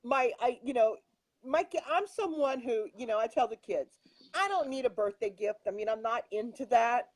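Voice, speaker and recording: A woman's voice: fairly high pitch, lively intonation, moderate pace, no room sound, rough recording. An older woman chatting casually on a radio show, telling stories with frequent laughs and restarts. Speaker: regular guest.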